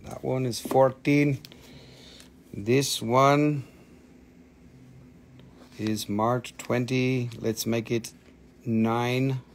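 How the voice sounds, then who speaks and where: Hosting a rock and mineral sale on a live stream, a man from the Appalachian Valley in the United States drags out his words and pauses often in a mid-range voice with fairly even intonation. Slight background noise sits under his casual, joking chatter, full of swearing, laughter and silly accents.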